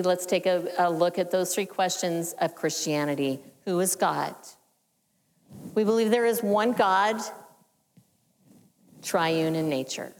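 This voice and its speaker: Woman teaching in a reverberant hall. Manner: measured, explanatory, drops to a soft low at phrase ends. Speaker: church teacher. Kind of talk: sermon teaching.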